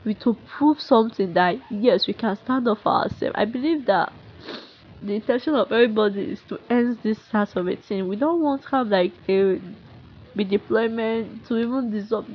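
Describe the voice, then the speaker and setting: Young Nigerian woman, husky and a bit high, venting in a halting solo monologue on dull lo-fi audio. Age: young adult. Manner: frustrated, halting, many restarts and sighs. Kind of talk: emotional unscripted monologue.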